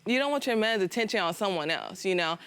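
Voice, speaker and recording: A woman's voice: medium pitch, lively intonation, fast, fairly bright tone, clear, resonant tone. A young American woman arguing her side in a TV courtroom, aggrieved and insistent. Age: young adult. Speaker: litigant. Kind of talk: emotional testimony.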